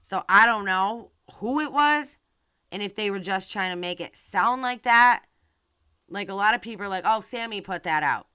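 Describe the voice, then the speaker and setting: A woman's voice: mid-range voice, moderate pace, sharp tone, clear, resonant tone, no echo. A woman hosting her channel, talking casually and directly to her viewers with lots of fillers and restarts. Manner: rambling, filler-heavy, talks to viewers directly. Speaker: channel host. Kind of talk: casual live-stream commentary.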